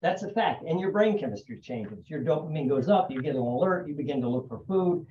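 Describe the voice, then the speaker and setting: An American hypnotherapist gives a casual explanatory talk about habits in a fairly high, dark-toned voice with lively intonation, speaking a little fast. He's conversational and repeats "right?" and "you know" often, and the recording sounds dull and echoey, as if from a distance.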